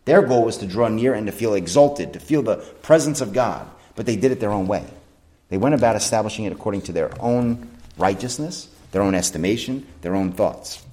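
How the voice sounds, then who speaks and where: A male pastor preaching a sermon in a church, earnest, leaning on slow emphatic phrases and sometimes stumbling and correcting himself. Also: lowish voice, mellow. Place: church sanctuary.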